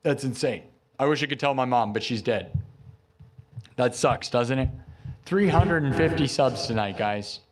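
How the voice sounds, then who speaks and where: A man's voice: medium pitch, measured pace, pauses often, slight background noise. A man hosting a late-night music livestream, chatting casually and goofily, rambling and breaking into silly chants. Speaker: livestream host and improv musician.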